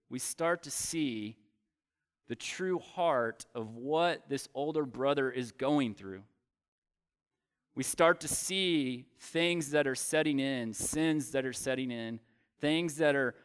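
A man preaching a sermon, retelling a Bible story with dramatic pauses and voiced lines for the characters. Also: mid-range voice, clear, resonant tone.

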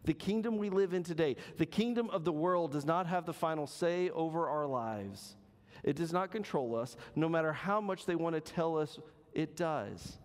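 A man preaching a sermon in a church, dramatic and emphatic, stretching out key words and swinging between loud and soft. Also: a little high, long reverb tail. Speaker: pastor. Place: church sanctuary.

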